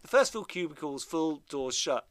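A man's voice: on the high side, expressive, moderate pace, a bit bright. A middle-aged man from Devon, telling a self-mocking anecdote in casual chat. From Devon, England.

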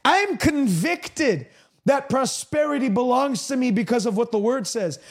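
Male broadcast preacher, very high, lively pitch, emphatic and repetitive. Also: unhurried. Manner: emphatic, repetitive preaching cadence with stretched-out phrases. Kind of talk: broadcast sermon.

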